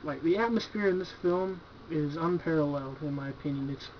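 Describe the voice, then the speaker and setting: A man with a fairly high voice talks through his horror movie shelf in a loose, rambling way, cursing cheerfully as he goes. The sound is dull and lo-fi, like an old home video, with a faint hiss underneath. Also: fairly quick. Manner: laid-back, profane, enthusiastic, filler-heavy. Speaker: horror movie collector reviewing his purchases. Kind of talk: casual video review.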